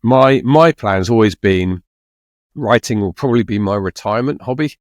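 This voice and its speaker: A man's voice: on the low side, dry recording, studio quality. A middle-aged man co-hosting a podcast, chatting casually and often restarting his sentences. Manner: halting, with frequent restarts. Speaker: podcast co-host. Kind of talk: casual chat.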